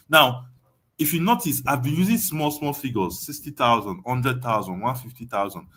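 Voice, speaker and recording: A young adult Nigerian man with a medium-pitched, fairly bright voice teaches an online webinar as a course tutor. He is emphatic, repeats his points, and often asks "you understand?"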